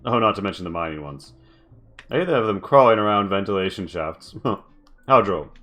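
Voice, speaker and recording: A man voicing a posh woman who flatters and schmoozes strangers with a sales-pitch gush. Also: moderate pace, highs cut off. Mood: gossipy.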